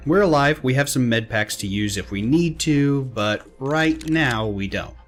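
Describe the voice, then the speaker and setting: A man running a casual let's play, reading menu text aloud and tossing in quick, chatty reactions. His voice sits a little low. Soft game music plays faintly behind him. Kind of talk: casual gameplay commentary.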